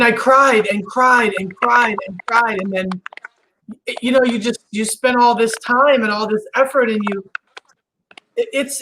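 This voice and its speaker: A middle-aged woman chatting casually, telling stories with animated acted-out quotes and frequent laughs. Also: fairly high pitch, background noise. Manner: animated storytelling, acts out quotes, laughs often. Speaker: host. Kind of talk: casual chat.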